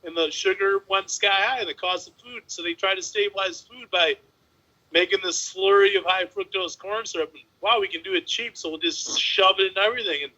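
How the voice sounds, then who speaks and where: A man with a high, bright voice rants emphatically in casual podcast chat. As a bodybuilder guest, he drives his points home with mild crudeness. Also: brisk, lo-fi sound. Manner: emphatic, ranting, mildly crude.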